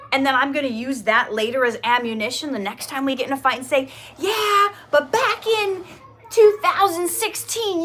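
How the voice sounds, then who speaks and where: A middle-aged woman hosting an inspirational talk, reading her poem and turning to viewers with earnest, animated asides. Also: sits high, a little hiss or hum. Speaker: inspirational video host.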